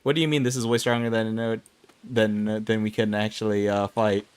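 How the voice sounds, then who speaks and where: A man's voice: fairly low pitch, little pitch movement, fairly quick, smooth. A young man streaming an online game, rambling through casual commentary with self-mocking asides. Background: game music.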